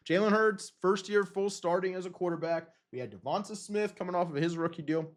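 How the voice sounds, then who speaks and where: Young man in excitable sports talk. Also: sits high, a little fast. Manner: excitable, rambling, swears freely. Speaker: podcast host.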